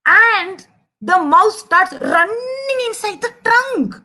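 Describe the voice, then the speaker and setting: Lively high-voiced Indian woman telling a kids' story. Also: slow pace. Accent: Indian English. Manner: animated, addresses kids directly. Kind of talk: children's storytelling.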